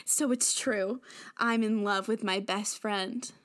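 A woman's voice: medium pitch, steady tone, slow, fairly bright tone. A woman narrating fan fiction aloud to friends, giggling and commenting on the text as she goes.

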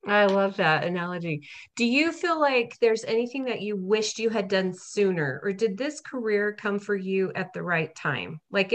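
A woman hosting a podcast, asking guests questions in a reflective, steady way. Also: medium pitch. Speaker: podcast host. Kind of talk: casual interview questions.

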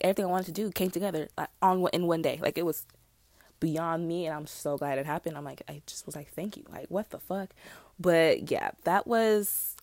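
A woman's voice: low voice, gravelly, no room sound. A young adult woman vlogger telling a personal story in casual, profane, rambling chat.

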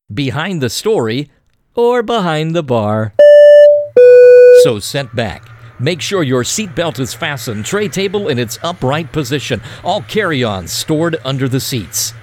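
Male announcer, animated pitch, smooth scripted intro read, faint background noise. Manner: smooth announcer delivery with airline patter. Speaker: show announcer.

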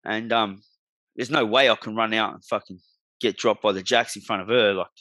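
A man's voice: on the low side, fairly even intonation, normal speed, bright, forceful tone, no room sound. An Australian man in his forties, a guest telling his life story bluntly in slangy, swear-heavy talk. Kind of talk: candid storytelling in a podcast interview.

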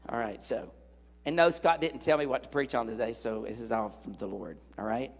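Husky, folksy middle-aged evangelist man. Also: mid-range voice, brisk, big-room sound. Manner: folksy, animated, jokes with the congregation. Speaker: evangelist preacher. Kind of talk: sermon with storytelling. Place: church.

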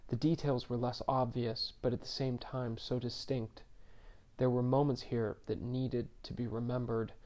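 Mellow-voiced male story narrator. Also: mid-range voice, little pitch movement. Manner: measured, subdued reading.

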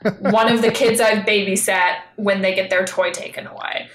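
A woman's voice: mid-range voice, steady tone, moderate pace, fairly bright tone. A woman co-hosting a film podcast in casual chat, dry and blunt. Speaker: podcast co-host. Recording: roomy echo.

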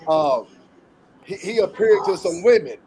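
A man's voice: high-pitched, lively intonation, unhurried, mellow. A man, a guest pastor, preaching on a podcast in a storytelling style, building up and then dropping back down. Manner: storytelling preacher, swelling and falling intensity.

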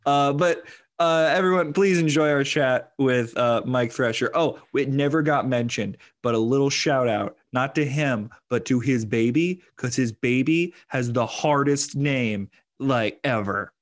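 A man's voice: medium pitch, measured pace. A man co-hosting a comedy podcast, chatting casually with frequent laughs and many fillers. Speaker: podcast co-host.

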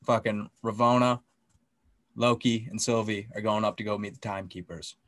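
Excitable, profane man recapping a TV episode. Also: on the low side, moderate pace, no echo. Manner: excitable, profane, acts out scenes. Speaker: podcast co-host. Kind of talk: casual chat, recapping a TV episode.

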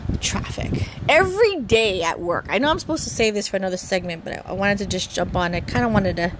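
An animated woman in her thirties vlogs casually from her room, speaking into her phone. Her voice rises and dips with playful inflection in a mid-range register. The phone recording carries a steady layer of background noise. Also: medium pitch, fast. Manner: animated, lots of vocal inflection. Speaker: vlogger. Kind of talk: casual chat.

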